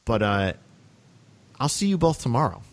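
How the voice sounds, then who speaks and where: A man's voice: mid-range voice, sing-song, normal speed, heavy background noise. A man, co-hosting a podcast in casual chat, enthusiastic and rambling with many restarts. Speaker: podcast co-host.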